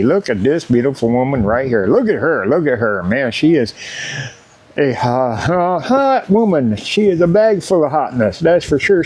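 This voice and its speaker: A middle-aged motorcycle YouTuber talks casually to the camera in a vlog, filmed at home in front of his set-up cameras. He feels a little unwell but keeps a joking, folksy manner, hyping his merch and sponsors. His voice is mid-range and a little mellow.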